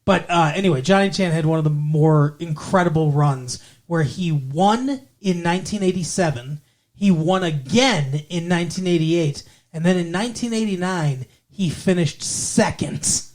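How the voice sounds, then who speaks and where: A man's voice: a little high, moderate pace. Rambling male podcast co-host. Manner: rambling, digressive, corrects himself mid-sentence. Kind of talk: casual movie podcast chat.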